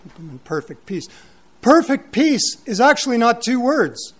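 A man's voice: very high voice, sing-song, moderate pace, husky. A man preaching a sermon, emphatic and questioning, repeating words for weight.

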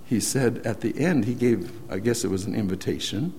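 Guy preaching a sermon, earnest storyteller, lines trail off soft. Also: fairly low pitch, normal speed, a little hiss or hum.

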